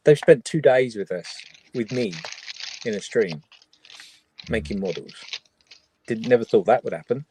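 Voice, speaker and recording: A man's voice: fairly low pitch, lively intonation, a little slow, pauses often, background noise. A man hosting a charity livestream, talking earnestly in a rambling way with many restarts. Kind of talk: casual livestream chat.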